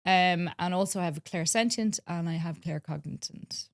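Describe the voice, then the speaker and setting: A woman talking earnestly in a casual podcast chat, telling stories with many pauses and ums. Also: fairly low pitch, no echo, studio quality. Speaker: spiritual wellness guest.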